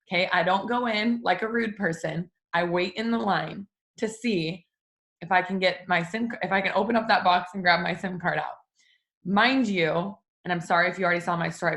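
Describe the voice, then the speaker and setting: Chatty woman with a lowish voice. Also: a bit bright. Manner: chatty, addresses viewers directly; acts out quoted exchanges in a higher voice. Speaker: small business owner vlogger. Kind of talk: casual storytelling vlog.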